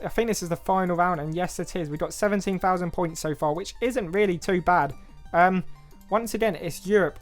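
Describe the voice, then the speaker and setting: A young man with an English accent giving casual, self-mocking game commentary, thinking aloud and second-guessing himself as he plays. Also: sits high. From England. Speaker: gaming YouTuber.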